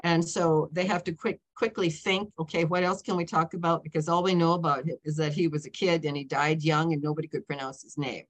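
A woman's voice: deep voice, fairly even intonation, fairly quick, few pauses. A woman in her seventies, an author telling stories in a casual talk, rambling and breaking in on herself with frequent "okay?" and "you know" check-ins. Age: 70s.

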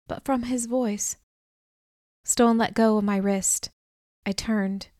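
A woman reading a novel aloud as first-person narrator, in a measured, even manner. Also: a little high, no room sound, clean studio sound. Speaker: audiobook narrator.

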